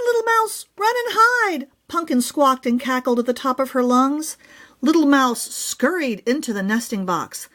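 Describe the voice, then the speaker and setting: A woman reading her own children's picture book aloud in an expressive storytelling manner. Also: fairly high pitch.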